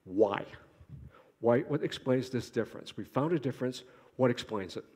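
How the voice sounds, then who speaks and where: A male lecturer speaks at a mid pitch, lively and joking as he poses rhetorical questions to his audience. His voice rings with the long reverb of a lecture hall. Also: normal speed, slightly rough. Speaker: conference lecturer. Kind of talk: academic conference talk.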